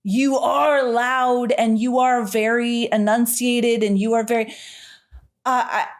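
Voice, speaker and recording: A woman's voice: fairly high pitch, fairly even intonation, takes it slowly. A woman co-hosting a podcast in casual chat, laughing often, swearing, and acting out lines from a movie. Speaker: podcast co-host.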